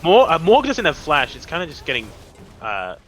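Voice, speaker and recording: A young man commentating a live esports match, excitable and rambling, often tripping over his words. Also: a little high, normal speed, over a noisy crowd. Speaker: esports caster.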